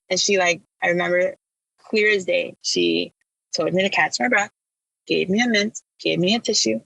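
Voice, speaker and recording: A woman's voice: mid-range voice, steady tone, normal speed, vocal fry, a bit bright, breathy edge, rough recording. A woman from Illinois, a podcast guest, telling her personal story in a candid, emphatic way.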